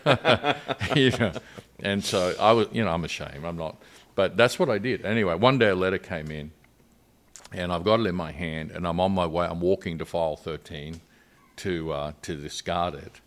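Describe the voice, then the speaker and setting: A man's voice: low voice, fairly quick. An older man with an Australian accent, a missionary guest telling his story earnestly in a podcast interview.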